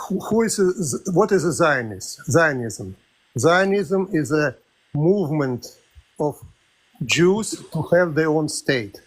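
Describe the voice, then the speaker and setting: A man calling in to a live stream, arguing a political point in steady, slightly broken English. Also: fairly high pitch. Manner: argumentative, measured, with non-native grammar. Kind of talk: political debate.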